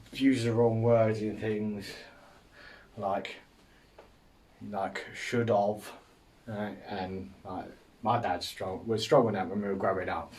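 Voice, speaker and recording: A man's voice: on the low side, darkish tone, recorded from a distance. A man hosting a casual comedic monologue, rambling and amused at his own jokes, with lots of fillers. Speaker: podcast host.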